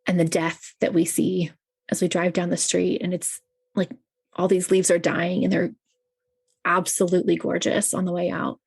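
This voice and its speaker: A woman's voice: fairly low pitch, monotone, normal speed, gravelly, slightly rough. A woman who works as a chaplain, a podcast guest, speaking earnestly and telling personal stories with frequent fillers. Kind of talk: personal conversation.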